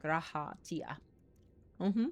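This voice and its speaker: A woman's voice: deep voice, animated, extremely slow. Chatty woman streamer laughing along. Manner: chatty, giggly, reacts aloud to the game. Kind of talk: casual game commentary.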